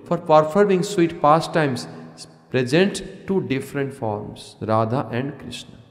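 Man, fairly high voice, devotional lecture, long hall reverb. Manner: repeats and asks rhetorical questions, chants verses. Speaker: spiritual teacher. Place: ashram hall.

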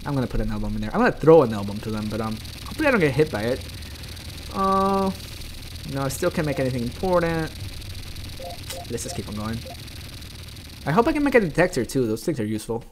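A man giving chatty, excitable gameplay commentary, talking to his viewers. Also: medium pitch, fast, pauses often, slight background noise. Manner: excitable, chatty, yelps and laughs at the game; talks directly to viewers. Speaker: let's play gamer.

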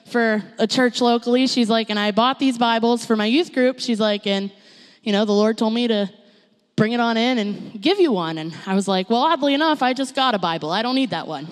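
A young woman shares her testimony with a congregation, her voice a little high. She tells the story with life, playing out the dialogue of everyone involved. A long reverb from the church hall trails behind her words. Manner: animated storytelling, acting out quoted dialogue. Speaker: church member giving testimony. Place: church sanctuary.

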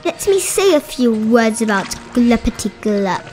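A woman voicing a small, fussy old male forest creature who scolds and pleads in a high voice. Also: sing-song, unhurried, darkish tone, soft background music. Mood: scolding.

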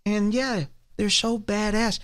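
A man's voice: high voice, fairly even intonation, slow, fairly bright tone, clean tone. A man hosting a podcast, ranting sarcastically and hurling insults while commenting on clips. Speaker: podcast host.

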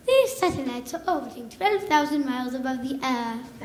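Brief: boy doing a solemn British nature-show narrator, grave and measured, still high-voiced, roomy sound. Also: lively intonation, background noise. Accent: British, put on. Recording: echoey club with loud crowd laughter.

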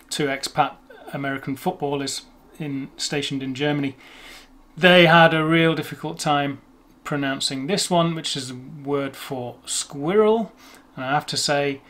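English man, lightly raised voice, casual teacher, sounds out words slowly, self-mocking asides. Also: a little high, a bit bright. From England. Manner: chatty, self-deprecating, slows to sound out words. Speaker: language teacher. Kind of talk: casual explanatory lesson.

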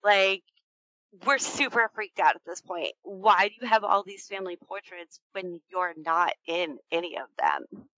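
A woman's voice: fairly low pitch, measured pace, fairly bright tone, no room sound, dull audio. A woman in her thirties telling a frightening true story in a casual, rambling way, full of fillers and swearing. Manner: tense, keyed-up retelling.

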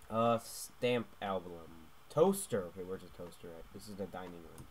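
A young man playing a stealth game and commenting as he goes, jumping between hushed muttering and loud yelps and tacking "mate" onto his lines. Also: sits low, brisk, few pauses, a little hiss or hum. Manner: excitable, swings from hushed muttering to yelling, keeps adding "mate". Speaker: gaming YouTuber. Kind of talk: let's play commentary.

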